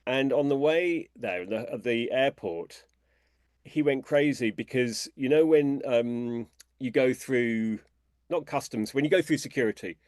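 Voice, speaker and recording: A British man, an author guest in an interview, who tells lively anecdotes and talks in a chatty, conversational way. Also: unhurried, no room sound, clean studio sound. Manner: animated storyteller, imitates people in a high voice.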